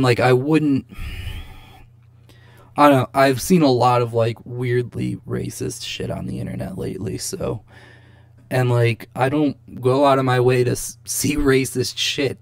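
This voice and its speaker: A young man talking slowly through a rambling, exasperated reaction to a debate clip. His voice has a gravelly fry to it, and he swears freely as he picks apart what he has just heard. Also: mid-range voice. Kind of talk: casual commentary.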